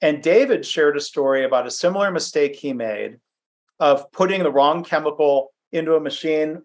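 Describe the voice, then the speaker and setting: A man's voice: on the high side, normal speed. Conversational man presenting a webinar. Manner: conversational, self-deprecating, with fillers and restarts. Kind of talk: presentation with anecdotes. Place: home office.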